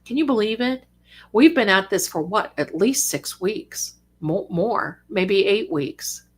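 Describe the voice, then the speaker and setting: An older woman hosting a psychic live stream in casual, affectionate chat, calling her viewers darlings, with bursts of lively excitement. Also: medium pitch, slow, husky. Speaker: psychic livestream host.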